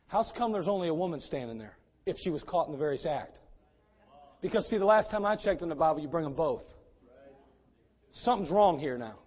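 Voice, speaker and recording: Fiery high-voiced male preacher. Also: lively intonation, a little fast, dull audio. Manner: fiery, swings from quiet to shouting. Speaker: pastor. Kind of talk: sermon.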